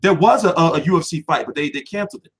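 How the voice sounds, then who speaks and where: Man, husky voice, fairly high pitch, swearing and fired up, casual livestream host. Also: racing. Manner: heated, profane, animated. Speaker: boxing channel host. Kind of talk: casual livestream chat answering viewers.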